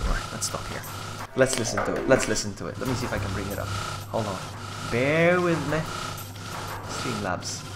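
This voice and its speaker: A man streaming a game live, commentating casually, laughing often and yelling when the game beats him. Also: lowish voice, normal speed, pauses often. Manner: excitable, laughs often, yells in frustration. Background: game music.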